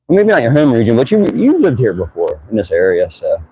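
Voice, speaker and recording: A man vlogs from his bike as he rides through town, chatting casually and musing aloud to a camera mounted on it in an easygoing way. His mid-range voice is mellow with a breathy edge, swinging hugely in pitch as he talks fast with few pauses; the audio is poor but has no echo.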